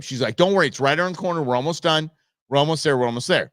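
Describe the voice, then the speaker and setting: A show host in his fifties tells a funny personal story, casual and joking, acting out the back-and-forth he had with someone. His medium-pitched voice moves fast, animated, on a dry, clean studio recording.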